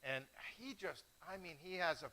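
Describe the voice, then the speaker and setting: A middle-aged man hosts a wine tasting in a chatty, self-mocking way. His voice sits high and sounds bright and forceful. He tells his stories with lots of energy. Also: expressive, moderate pace, poor audio. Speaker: host of a live wine tasting show. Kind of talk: casual live-stream chat.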